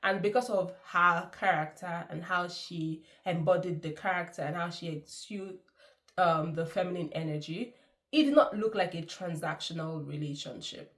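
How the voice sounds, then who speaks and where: A woman with a lowish voice, speaking at a moderate pace, gives a casual, chatty movie review. She's effusive and laughs often.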